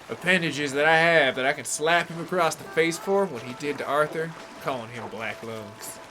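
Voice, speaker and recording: A man talking through a livestream in a loose, rambling way, full of "like" and "um". His voice sits a bit high for a man. Clear game noise runs under everything. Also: sharp tone. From San Francisco Bay Area, California. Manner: rambling, chatty, greets chat viewers by name, frequent "like" and "um". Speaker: gaming livestreamer. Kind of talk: casual live gameplay commentary.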